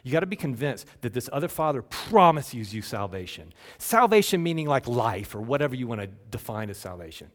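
A male pastor preaching a sermon, asking rhetorical questions and swinging between loud emphasis and hushed, slowed lines. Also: medium pitch, big pitch swings. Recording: long reverb from a large hall.

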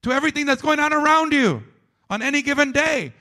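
A man preaching a sermon, emphatic and repetitive, dropping to a low, quiet delivery at times. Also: expressive, quick pace.

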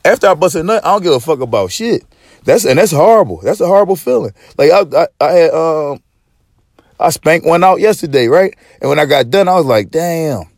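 Fairly high-pitched and darkish, the man speaks fairly quickly with lively intonation in a dry, studio-quality recording. He's a podcast host ranting in casual, swear-heavy slang, rambling with stop-start restarts and a preachy street tone.

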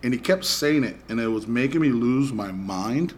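A middle-aged man hosting a podcast, telling a story in casual chat, animated and profane, acting out both sides of a quarrel. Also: mid-range voice, moderate pace. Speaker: podcast host.

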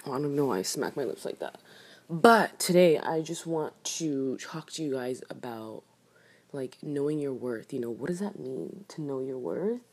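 A woman's voice: very deep voice, animated, moderate pace, darkish tone. A young woman talking candidly and casually to her viewers, rambling and slangy, a bit out of breath after climbing stairs. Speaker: vlogger. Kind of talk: casual personal talk to camera.

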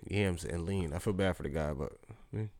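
A man co-hosting a podcast in casual chat, laid-back and joking, often laughing and trailing off into quiet mumbles. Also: low voice, brisk, creaky, dry recording, studio quality. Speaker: podcast co-host.

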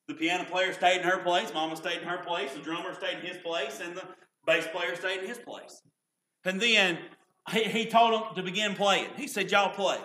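A man's voice: high voice, bright, forceful tone. A man preaching a folksy sermon as pastor, often asking "can I tell you what". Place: church sanctuary. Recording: echoey church room.

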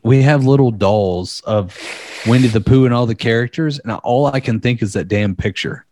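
A man co-hosting a podcast, rambling casually and swearing as he tells a dark story. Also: medium pitch, moderate pace, a little hiss or hum. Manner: rambling, profane, laughing at dark material. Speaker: podcast co-host.

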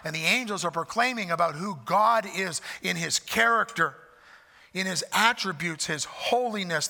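A man preaching a sermon, emphatic, swelling loud on repeated phrases, with folksy asides. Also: high-pitched, creaky. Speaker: pastor. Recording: long hall reverb.

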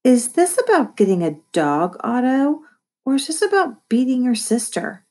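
A woman's voice: medium pitch, sing-song, a little slow, a little mellow, husky, voice pushed up. A woman voicing a tired, stern mother scolding her squabbling kids in a storybook reading.

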